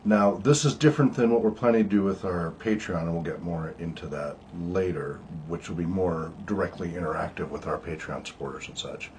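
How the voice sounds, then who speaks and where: An older man with a very deep voice hosts an online meeting in a casual, halting way, full of ums and uhs. His breathing is wheezy and he coughs now and then. A faint hum of the room sits behind him. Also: a little mellow. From United States. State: wheezy, coughing from asthma and smoke. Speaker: research project director hosting an online meeting. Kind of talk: casual informative talk.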